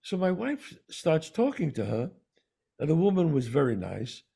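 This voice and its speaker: Male podcast co-host, casual storyteller: gravelly, slightly high, emphatic repeats. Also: very animated, normal speed, dark tone. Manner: emphatic, repeats words for stress.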